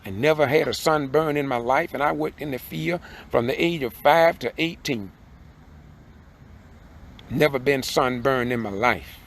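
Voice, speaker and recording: A man's voice: mid-range voice, unhurried. A man, delivering an impassioned, preacherly monologue from a car. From southern Georgia, USA. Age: 60s. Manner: fiery, preacherly, repeats points, rises to emphatic peaks. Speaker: independent video commentator. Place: in a car while driving.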